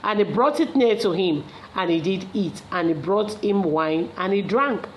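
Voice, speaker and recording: A woman reads scripture aloud at a measured, careful pace, sometimes stumbling and going back over a word. Her voice sits in a mid range, with a faint hiss of noise in the background. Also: mid-range voice, animated, dull audio. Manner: measured, careful reading with occasional slips and self-corrections. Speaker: Bible reader.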